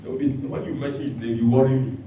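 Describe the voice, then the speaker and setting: A man preaching a sermon as pastor, bursting into shouts and acting out the words he quotes. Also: medium pitch, fast, a little hiss or hum. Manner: animated preaching with sudden shouts and dramatic quotes. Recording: echoey hall from far off.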